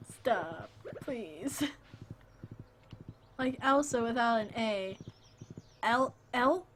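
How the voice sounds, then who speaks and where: Woman streamer, chatty and joking, slow easy pace, faint hiss behind. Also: fairly high pitch, expressive. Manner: joking and chatty, quick to laugh. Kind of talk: casual chat while playing.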